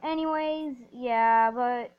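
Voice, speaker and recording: A woman telling a rambling, excitable story while playing a game, often restarting her sentences. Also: fairly high pitch, slow, smooth, muffled recording. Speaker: gaming storyteller. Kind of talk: storytime over gameplay.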